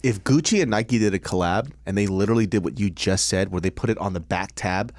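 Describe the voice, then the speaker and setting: A man's voice: on the low side, quick pace, dry recording. A man co-hosting a podcast, laughing often, swearing and telling stories in casual banter. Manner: laughing, profane, storytelling. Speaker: podcast co-host.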